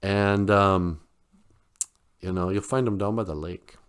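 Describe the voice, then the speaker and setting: A man's voice: low voice, fairly even intonation, unhurried, clear, resonant tone. A man voicing a sly, joking male fox trickster who talks in teasing, boastful slang.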